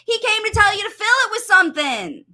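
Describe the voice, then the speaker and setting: Bright, lively-voiced woman coaching parents. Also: very high-pitched, brisk. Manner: expressive, enthusiastic, explains with everyday examples. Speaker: speech-language pathologist coach. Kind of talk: live coaching stream.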